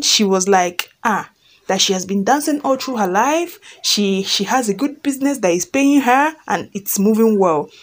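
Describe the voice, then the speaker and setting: Chatty woman storyteller. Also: on the high side. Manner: chatty, checks in with listeners, repeats herself. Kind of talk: reading a fan story aloud, then retelling it casually.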